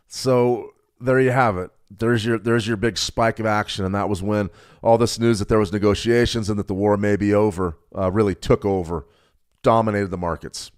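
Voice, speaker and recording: A man's voice: fairly low pitch, clear, resonant tone. A man hosting a live market update, talking through charts in a rambling way with frequent stutters and restarts. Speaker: market analyst host.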